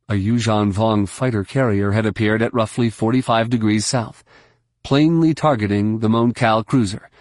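Man, audiobook narrator, brisk steady storytelling, dry close recording. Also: lowish voice, dry recording. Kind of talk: scripted narration.

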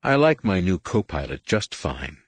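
A man's voice: low-pitched, sing-song, unhurried, breathy edge, no room sound, heavily acted. A man reading an audiobook, voicing a cocky veteran starship captain with a dry, laconic, almost bored delivery. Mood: wry. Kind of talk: audiobook character voice.

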